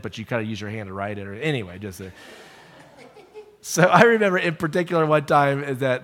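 A middle-aged man preaching a sermon, telling stories and moving from hushed asides to emphatic calls. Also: medium pitch, in a large hall. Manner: storytelling, shifts from hushed to emphatic.

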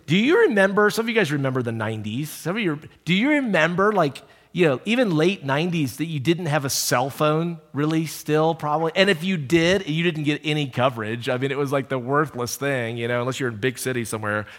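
A man's voice: on the high side, animated, a little fast, few pauses. Emphatic preacher man in echoing hall. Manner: storytelling, shifts from hushed to emphatic. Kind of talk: sermon.

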